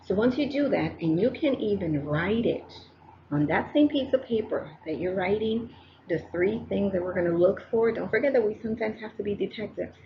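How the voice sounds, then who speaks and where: A woman teacher speaks directly to her students into a close microphone, encouraging them and going over each step more than once. Her voice sits in the mid range, and the classroom lesson recording is muffled with slight background noise.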